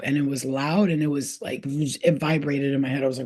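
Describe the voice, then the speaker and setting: Animated, swearing woman giving a spiritual reading. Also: low-pitched, normal speed. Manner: excitable, repeats words. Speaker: spiritual reader. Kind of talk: casual spiritual reading to viewers.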